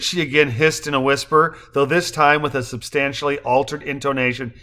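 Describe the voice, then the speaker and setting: A man narrating a novel aloud in a measured reading. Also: medium pitch, fairly even intonation, bright, forceful tone. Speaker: audiobook narrator. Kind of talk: scripted narration.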